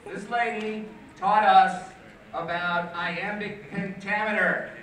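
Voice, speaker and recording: A man's voice: high-pitched, steady tone, slow, a bit bright, a little hiss or hum. An older man, a teacher, doing a mock-indignant stand-up comedy routine on a school auditorium stage, heard through a distant mic. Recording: echoey hall, distant mic.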